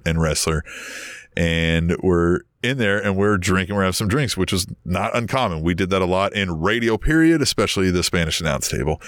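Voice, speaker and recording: Low-voiced guy rambling thru podcast stories, dry close sound, gets loud doing other people's lines. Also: no echo. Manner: rambling, animated when quoting others. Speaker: podcast co-host. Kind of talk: casual storytelling chat. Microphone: video call.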